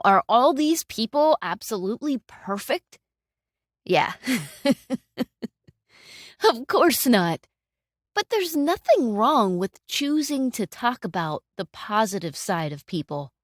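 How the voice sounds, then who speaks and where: A middle-aged woman hosting a solo talk on relationships, conversational, warm, and fond of rhetorical questions. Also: on the high side, no room sound, clean studio sound. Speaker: podcast host.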